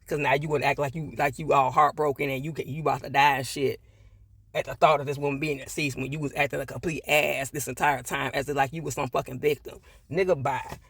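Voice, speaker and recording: A man's voice: mid-range voice, steady tone, quick pace, gravelly, fairly bright tone, dry recording. A man giving a casual, blunt TV episode review, swearing freely and repeating his points for emphasis. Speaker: TV show reviewer.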